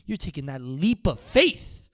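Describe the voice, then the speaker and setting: A young man hosting a podcast, telling a long rambling story full of "you know" and sudden loud drawn-out yells. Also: on the high side, very animated, dry recording, clean studio sound. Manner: loose, meandering, swings into loud drawn-out yelled bits. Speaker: podcast host.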